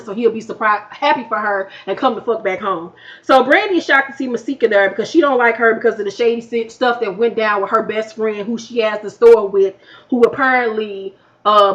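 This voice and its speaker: A woman recapping a reality TV episode in a blunt, profane, animated way, her voice getting worn from talking all afternoon. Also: on the high side, highs cut off. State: losing her voice. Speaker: YouTube reviewer. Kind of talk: casual TV recap.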